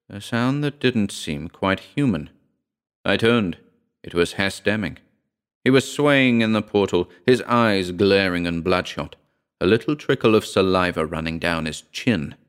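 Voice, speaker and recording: A man reading a first-person horror short story aloud in a measured, storytelling way. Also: low voice, a bit bright, clear, resonant tone. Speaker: narrator.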